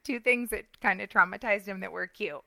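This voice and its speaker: A middle-aged woman co-hosting a podcast, telling a story in a self-mocking, animated way with lots of restarts and asides. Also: medium pitch, brisk, gravelly, no echo, low-quality recording. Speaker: podcast co-host. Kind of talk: casual storytelling chat.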